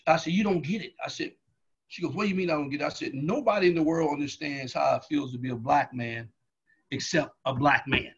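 A middle-aged man tells personal stories in an interview, loud and animated as he acts out each exchange. His voice sits a little high and sounds husky, and the audio comes through muffled and lo-fi. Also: brisk. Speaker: guest, athletics staff member. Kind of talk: storytelling in an interview.

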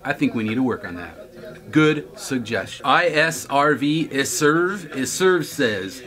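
Lively wisecracking man. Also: mid-range voice, a little slow. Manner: wisecracking, laughs at his own jokes. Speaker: vlog host reading viewer comments. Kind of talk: casual chat.

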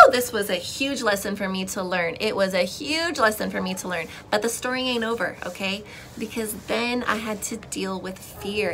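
A young woman giving an earnest, fervent personal testimony, dropping to a hush and then rising to loud pleading. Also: medium pitch, gravelly, a little hiss or hum. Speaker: Christian content creator. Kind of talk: emotional testimony to camera.

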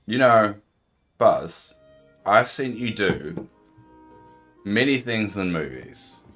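A man from New Zealand streaming a video game, chatting casually and joking with bursts of excited exclamations. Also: on the low side, slow, faint music behind. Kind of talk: casual live-stream commentary.

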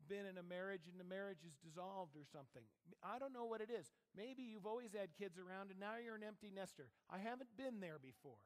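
A man's voice: high-pitched, long reverb tail. A man preaching a sermon as pastor, in a conversational way, often asking his congregation questions. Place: church sanctuary.

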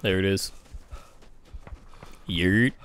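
Male streamer, deep voice, sleepy and casual, cussing mid-match. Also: extremely slow, a bit bright. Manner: laid-back, swears casually, talks to chat and teammate. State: drowsy. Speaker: game streamer. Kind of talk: casual live gameplay commentary.

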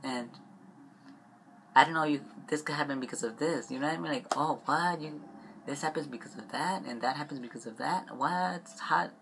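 A young man rambling in a confessional vlog, upset and stressed, halting and trailing off with frequent swearing. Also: fairly high pitch, vocal fry, a bit bright, a little hiss or hum.

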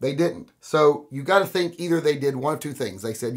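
A middle-aged man hosting his own commentary show, ranting in an animated, sarcastic and self-mocking way. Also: mid-range voice, fairly quick, hardly any pauses. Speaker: host. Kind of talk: opinionated commentary.

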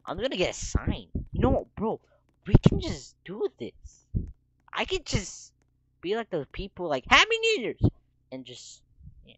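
A teenage boy rambles through casual gameplay commentary, his voice jumping all over the place and cracking as he bursts out loud. The home mic recording carries a clear layer of background noise. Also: high voice, unhurried, rough recording. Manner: rambling, excitable, sudden loud outbursts. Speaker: gaming video creator.

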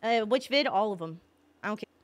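A woman's voice: medium pitch, animated, fairly quick. A woman streamer in casual livestream chat, blunt and exasperated, swearing often.

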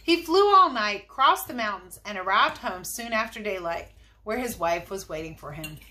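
A woman teacher reading a chapter book aloud, in an expressive, lively way. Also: medium pitch, moderate pace. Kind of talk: storybook read-aloud.

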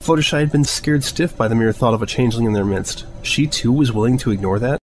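A man narrating a fan story in a measured, steady reading voice. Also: medium pitch, a little hiss or hum, low-quality recording. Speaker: fanfiction reader.

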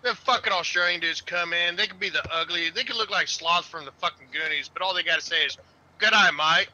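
A man's voice: sits high, fast talker, pushed and bright, highs cut off. A man chatting crudely over a headset while playing a farming game with friends, rambling through stories. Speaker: gamer on voice chat. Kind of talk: casual chat while gaming.

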